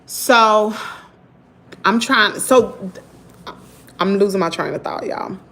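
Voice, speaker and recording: A woman with a Southern American accent telling a story to her viewers in an animated, indignant vlog. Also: medium pitch, slow pace, slight background noise. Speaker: vlogger.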